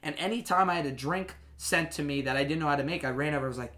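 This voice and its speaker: Guy hosting a podcast, swears a lot, jokes around, kinda high voice. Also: racing. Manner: animated, swearing, joking. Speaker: podcast host and bartender. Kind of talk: casual podcast chat.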